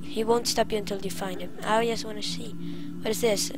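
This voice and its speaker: Speaking a little fast in a steady, mid-range voice over music, a woman narrates her horror game playthrough as a let's play. She's jumpy and shouts at the jump scares, and the recording quality is low.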